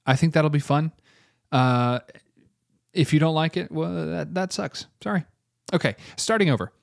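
A man's voice: on the high side, normal speed, creaky, no room sound, studio quality. A man hosting a podcast, telling a true-crime story in a casual, self-deprecating way with lots of filler words. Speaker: podcast host.

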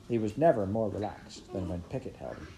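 Deep-voiced woman reading a storybook. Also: background noise. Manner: expressive and measured. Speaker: audiobook reader. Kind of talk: storybook narration.

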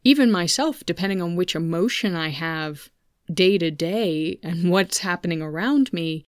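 On her personal podcast, a thirty-something woman talks openly and chats to her audience in asides, using a lowish, expressive voice at normal speed. The studio microphone at her home computer gives a dry, studio-quality recording.

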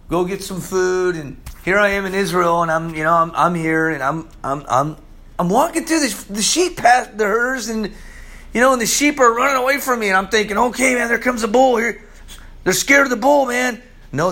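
High, bright-voiced animated male preacher. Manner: animated storytelling preacher, swinging from loud highs to hushed lows. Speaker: pastor. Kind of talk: sermon.

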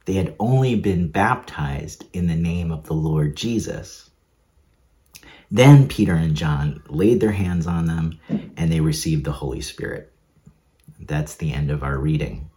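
A man's voice: low-pitched, a little mellow. A man who is a preacher and seminarian, giving a casual online sermon from an upstairs bedroom at home, chatty with small chuckles and hesitant fillers.

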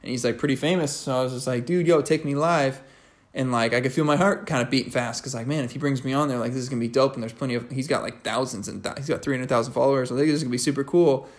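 A young man talks through a motivational podcast monologue in a loose, energetic, rambling way. He fills his sentences with "like" and restarts, and his voice sits in an ordinary middle pitch. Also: very fast, hardly any pauses. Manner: energetic, rambling, many "like" fillers. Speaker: podcast host.

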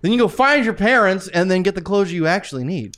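A man's voice: sits high, expressive, fairly bright tone. A man on a casual podcast, cracking jokes and poking holes in a story. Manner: wisecracking, quick to joke. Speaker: podcast co-host. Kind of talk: casual chat, joking banter.

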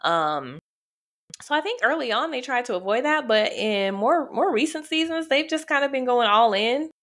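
A woman's voice: high-pitched, animated, normal speed, a bit bright. A young woman co-hosting a casual chat, recapping with lots of fillers and little laughs. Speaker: podcast co-host.

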